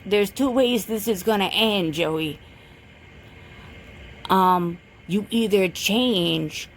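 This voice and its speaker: A woman's voice: mid-range voice, slight background noise. A woman vlogger delivering a blunt, profane, confrontational rant, lecturing and repeating her points for emphasis. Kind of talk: direct-to-camera rant.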